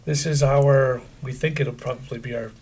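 A man's voice: medium pitch, steady tone, moderate pace, a little mellow, husky. A middle-aged man from central Pennsylvania, co-hosting a podcast in a chatty, joking, self-deprecating way. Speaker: podcast co-host. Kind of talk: casual podcast chat.

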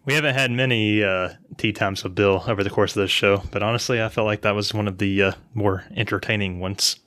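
Chill joking guy cohosting a game podcast, bright sharp voice. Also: lowish voice, steady tone, fairly quick, no room sound. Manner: laid-back, joking, laughs often. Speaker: podcast co-host. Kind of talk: casual chat about video games.

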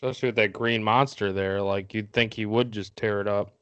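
Dude chatting on a podcast, kinda low and smooth, laughs a lot, sound's a bit dull and lo-fi. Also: male voice, fairly even intonation, fairly quick, fairly bright tone, no room sound. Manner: laid-back, jokey, laughs often. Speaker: podcast co-host. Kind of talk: casual chat.

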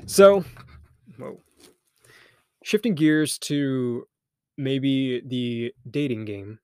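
A young man talks through his own podcast in a candid, loose way, restarting his thoughts as he goes. He sounds a little embarrassed but keeps encouraging his listeners. His voice sits at an ordinary male pitch and is recorded close and dry. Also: very slow, darkish tone, clear, resonant tone, dry recording. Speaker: podcast host. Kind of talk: casual solo podcast monologue.

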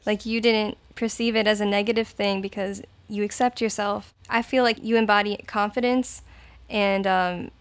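A woman hosts a casual podcast interview, encouraging her guest and asking follow-up questions. Her voice sits at a medium pitch, with a steady tone and a normal speed.

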